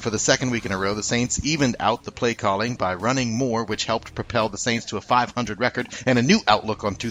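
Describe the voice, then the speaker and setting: A man's voice: fairly low pitch, a bit bright, a little hiss or hum. A man hosting a casual sports podcast, jokey and upbeat as he chats with his co-host.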